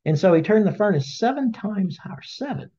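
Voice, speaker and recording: A man teaching a Bible study in a casual webinar, his voice sitting a bit high and swinging widely as he tells the story. He acts out the characters along the way, and the lo-fi audio sounds dull. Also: animated, brisk, warm tone.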